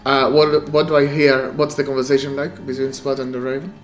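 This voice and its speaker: Halting male player in a tabletop game. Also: medium pitch, flat delivery, faint music behind. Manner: halting, stammering questions.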